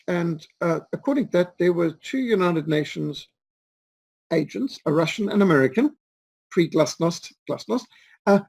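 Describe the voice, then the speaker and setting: In this interview, the guest, a man in his fifties from Rhodesia in Zimbabwe, wanders through stories with frequent fillers and false starts. His voice sits high, creaky and husky with a darkish tone, captured in low-quality audio without room sound.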